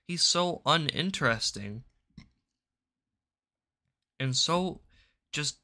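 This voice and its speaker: A political commentator sits at his home desk doing casual reaction commentary into a microphone, sarcastic, rambling and swearing now and then. His medium-pitched voice is pushed and bright.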